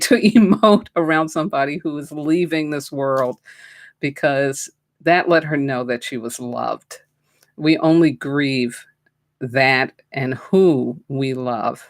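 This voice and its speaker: A woman host and spiritual teacher telling a personal story in a slow, reflective, heartfelt way and offering a prayer. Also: extremely low pitch, dry recording, studio quality.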